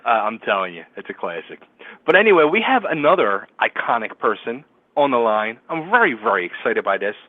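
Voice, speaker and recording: Excitable male radio host, phone-line sound. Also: medium pitch, brisk, no room sound. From Philadelphia area. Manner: excitable, laughs often, acts out quotes. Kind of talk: casual storytelling chat. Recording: tinny phone-line audio.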